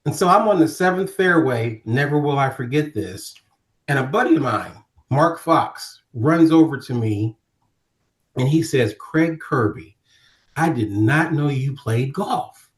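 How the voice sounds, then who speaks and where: A middle-aged man from Ohio, telling stories as a podcast guest in a lively conversational way and acting out other people's voices. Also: mid-range voice. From Ohio, USA. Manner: animated storyteller, acting out quoted voices. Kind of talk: storytelling in casual conversation. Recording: roomy echo.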